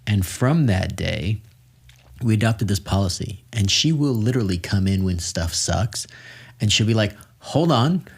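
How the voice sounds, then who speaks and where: A middle-aged man with a fairly low voice, hosting a conversational podcast interview. He tells personal stories openly and slips in self-deprecating humor. His pace is unhurried. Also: gravelly, breathy edge. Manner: candid storyteller, self-deprecating jokes. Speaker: podcast host.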